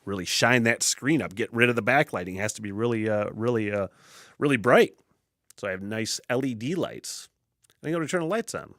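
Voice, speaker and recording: Animated, swearing man podcasting solo. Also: on the low side, a little fast, dry recording, studio quality. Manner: profane, animated storytelling with self-laughs. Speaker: podcast host. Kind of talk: casual solo podcast rambling. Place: basement home studio.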